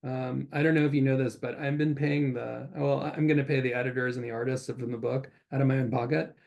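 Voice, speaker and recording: A man hosting a video-call interview, halting and filling his sentences with repeated words. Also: medium pitch, steady tone, creaky, a little mellow, highs cut off. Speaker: interviewer and anthology editor. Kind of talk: casual interview chat.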